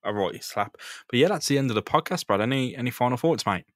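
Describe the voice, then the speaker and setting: A man's voice: mid-range voice, animated, fast talker, no echo, studio quality. A man co-hosting a podcast in casual chat, recapping a comic book in a laid-back way, swearing freely and laughing often. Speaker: podcast co-host.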